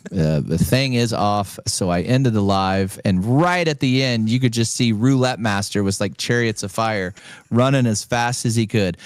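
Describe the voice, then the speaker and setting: A podcast host with a lowish voice tells a story in relaxed conversation at normal speed, animatedly acting out the people in it and doing their quoted voices. The studio-quality recording has no room sound.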